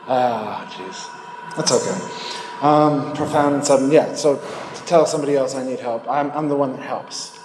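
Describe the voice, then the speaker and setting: A man's voice: mid-range voice, measured pace, long pauses, reverberant, long reverb tail, background noise. A man speaking at a recovery meeting, giving a candid personal testimony and rambling between thoughts. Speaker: recovering alcoholic sharing at a meeting.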